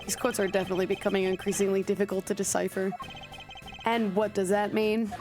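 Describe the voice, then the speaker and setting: A woman's voice: mid-range voice, little pitch movement, fast talker. A young woman streamer giving crude, joking commentary while playing a game. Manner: crude, joking, laughing asides. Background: game music.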